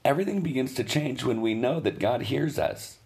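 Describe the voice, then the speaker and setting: A man's voice: mid-range voice, expressive, a little fast, vocal fry, darkish tone. A man preaching a sermon in an earnest, conversational way, often restarting his phrases. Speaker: pastor.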